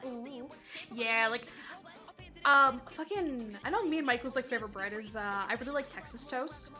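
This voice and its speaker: A woman's voice: a little high, moderate pace, pushed and bright, soft background music. A woman joining the stream as a friend, chatting casually and enthusiastically, swearing freely. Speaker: guest friend on call. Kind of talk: casual chat. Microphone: voice call.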